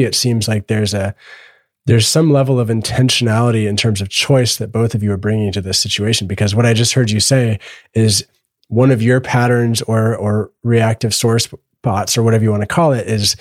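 A man's voice: lowish voice, no echo, clean studio sound. A man hosting a podcast interview, reflective and affirming, often murmuring agreement. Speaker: podcast host. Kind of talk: conversational interview.

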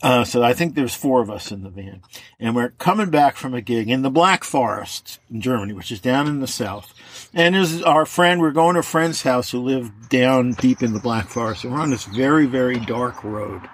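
Husky man telling a lively story. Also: medium pitch, moderate pace. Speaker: interviewee. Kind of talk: anecdotal storytelling.

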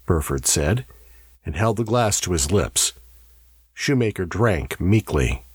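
A man reading a story aloud in a measured, expressive way. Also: sits low, slightly rough, no room sound, clean studio sound. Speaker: narrator. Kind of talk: audiobook narration.

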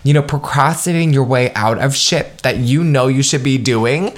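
A man's voice: medium pitch, normal speed, hardly any pauses. A man in his twenties from the States hosting a casual solo podcast, bubbly and slangy, cursing freely and drifting into tangents. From United States. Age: 20s. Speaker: podcast host.

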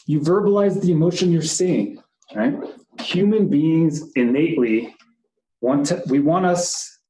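A man's voice: a little high, mellow, roomy sound, rough recording. A middle-aged man who works as a police instructor, teaching a class in a conversational way with fillers and asides.

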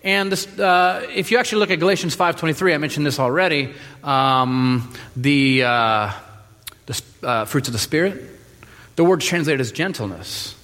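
A man preaching a sermon in a relaxed, joking way, with many fillers and restarts. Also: fairly high pitch, normal speed. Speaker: pastor. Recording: reverberant hall.

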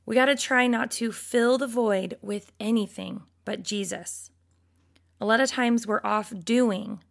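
Her voice is slightly high and creaky as she teaches a devotional Bible study. Speaking straight to her audience with lively energy, she reads passages of scripture and pokes fun at complaints by putting on whiny voices.

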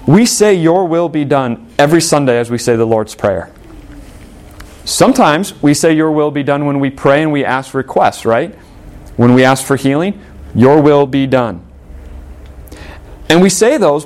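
A man's voice: a little high, a little mellow. Pastor guy preaching, earnest, keeps repeating his point for emphasis. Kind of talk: sermon.

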